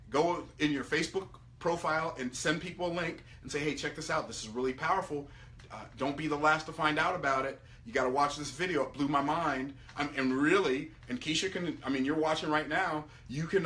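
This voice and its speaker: A business coach pitches to his members in a live video, sounding energetic and repetitive. He often restarts his sentences.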